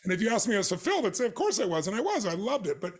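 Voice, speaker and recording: Male interview guest, animated storyteller, high and very lively delivery. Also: racing, breathy edge. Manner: energetic, acts out dialogue with big shifts.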